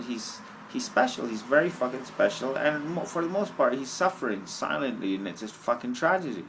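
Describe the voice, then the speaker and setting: A man's voice: mid-range voice, lively intonation, a little fast, few pauses, noisy background. Rambling, swearing man at a bus stop. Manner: swearing, rambling, bursts of laughter. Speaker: vlogger. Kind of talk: rambling monologue.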